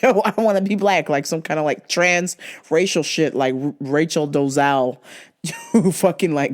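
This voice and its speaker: A woman's voice: on the low side, a little mellow. A woman hosting a podcast, ranting bluntly and profanely with frequent laughs, her nose stuffed up and her voice fading. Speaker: podcast host. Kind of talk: casual profane podcast rant.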